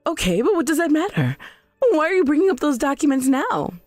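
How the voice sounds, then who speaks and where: A woman voicing a self-righteous middle-aged mother in a scripted drama, shrill, demanding and defensive. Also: big pitch swings, brisk, a little mellow, no room sound, faint music behind. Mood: outraged.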